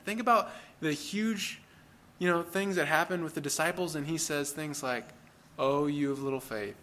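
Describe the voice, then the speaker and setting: A man's voice: on the high side, normal speed, few pauses, sharp tone, slight background noise. A man preaching a sermon as pastor, speaking in an earnest, plain-spoken conversational way and putting rhetorical questions to the congregation.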